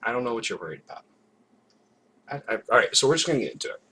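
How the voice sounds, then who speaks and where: A man's voice: medium pitch, sing-song, rapid-fire, sharp tone, slightly rough. A man co-hosting a casual podcast, talking in a playful, hesitant way with many fillers. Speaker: podcast co-host. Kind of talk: casual chat. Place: home, recorded live.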